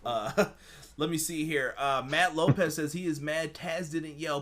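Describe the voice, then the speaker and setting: A man's voice: on the high side, measured pace, fairly bright tone. A man hosting a casual wrestling review chat, blunt and profane, reading out viewer comments as he goes. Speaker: podcast host.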